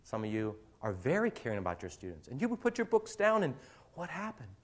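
A man's voice: mid-range voice, huge pitch swings, quick pace. A middle-aged male teacher giving a conversational lecture to other teachers, acting out little classroom scenes as he goes.

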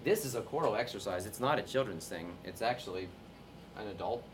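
A man's voice: lowish voice, animated, fairly quick, a little hiss or hum. A man from North Carolina, a music teacher giving a workshop to other teachers, talking in a chatty, upbeat way with frequent laughs. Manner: chatty and upbeat, laughs often between points.

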